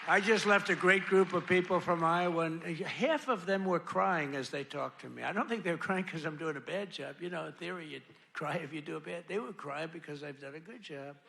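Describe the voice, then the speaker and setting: At a podium microphone in a large rally venue, a political speaker delivers a boastful, rambling, repetitive speech. His fairly high voice is brisk, creaky, bright and forceful, with some chatter and slight background noise behind him.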